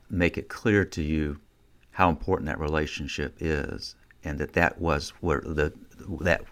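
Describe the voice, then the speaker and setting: A man with a very deep voice hosts a podcast interview. He asks his questions in a measured, thoughtful manner, with a few filler sounds along the way. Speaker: podcast host.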